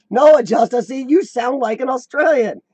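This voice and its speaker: A man hosting a casual live chat, rambling and answering viewers, his voice a little rough from lung trouble. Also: very high-pitched, unhurried, darkish tone, dry recording. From United States. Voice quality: slightly rough voice from lung problems. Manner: rambling, chatty, laughs often, answers viewers by name. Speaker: livestream host.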